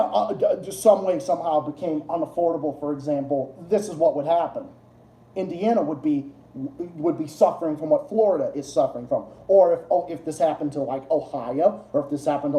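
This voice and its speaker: A man's voice: reverberant, low-quality recording. Profane, rambling man ranting on stream. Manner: profane, rambling rant with restarts; excitable, jumps high in pitch when worked up. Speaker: livestream host. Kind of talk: casual ranting chat.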